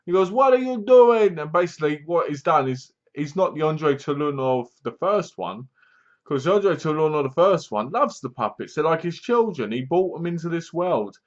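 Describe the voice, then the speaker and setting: A man's voice: a little high, animated, moderate pace, highs cut off. A man retelling a film's plot in a casual review vlog, rambling along with plenty of fillers. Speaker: film reviewer.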